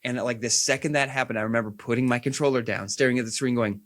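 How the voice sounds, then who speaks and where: Animated man in casual game chat. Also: medium pitch, fast talker. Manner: animated storyteller, acts out quotes in put-on voices. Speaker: podcast co-host. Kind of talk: casual chat about video games.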